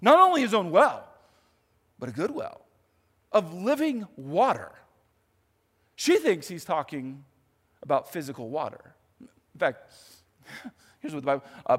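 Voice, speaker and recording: A male pastor preaches with a high, very animated voice, telling the story with chatty asides. His voice carries a long reverb through the church. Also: unhurried, long pauses, slightly rough. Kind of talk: sermon.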